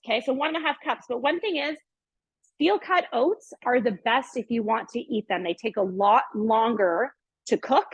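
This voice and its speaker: Middle-aged lady chatting away while she cooks in her kitchen, kinda high voice, dry and muffled. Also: slightly rough, no echo. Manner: chatty, upbeat, talks while cooking. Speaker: cooking show host. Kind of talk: casual cooking demonstration. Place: home kitchen. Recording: dry, dull lo-fi sound.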